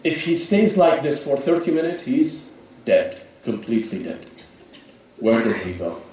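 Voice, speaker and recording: A man's voice: medium pitch, sing-song, measured pace, a little mellow, slight background noise. A man preaching a sermon, telling a story dramatically with frequent "you know" fillers. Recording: echoey hall, speaker far from mic.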